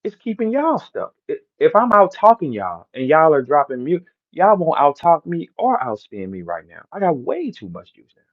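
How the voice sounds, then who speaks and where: A man's voice: a little high, wildly swooping pitch, moderate pace, narrow, tinny audio. A man from St. Louis with a St. Louis accent, boasting and trash-talking in a brash, repetitive live-stream rant. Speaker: battle rapper hosting a live audio room.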